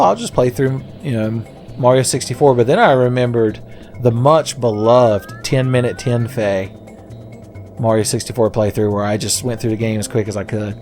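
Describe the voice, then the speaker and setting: A man's voice: fairly low pitch, darkish tone. A man hosting a casual let's-play video, rambling with sarcastic, profane jokes. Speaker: gaming video host.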